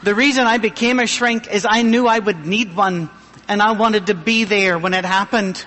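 A middle-aged man pastor giving a humorous, self-deprecating sermon with a thin, high voice. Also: fairly even intonation, moderate pace, sharp tone, in a large hall, a little hiss or hum.

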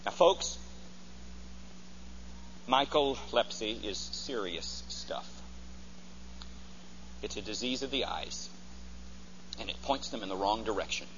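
A pastor preaching a sermon, theatrical and animated, leading the congregation to repeat lines, in a dull recording with long hall reverb. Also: male voice, fairly low pitch, takes it slowly, pauses often, slight background noise.

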